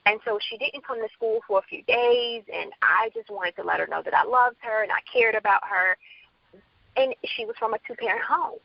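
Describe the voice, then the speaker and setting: Woman from the Bronx, author guest, candid storytelling, animated gravelly voice, dry dull phone-in sound. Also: fairly high pitch, moderate pace, no room sound. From Bronx, New York. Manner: candid, re-enacts quoted dialogue. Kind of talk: personal storytelling interview.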